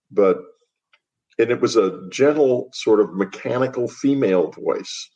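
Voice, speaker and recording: A man's voice: medium pitch, lively intonation, a little slow, a little mellow. An older man, a guest author on a podcast interview, speaking bluntly and dismissively, with a laugh at what he finds absurd.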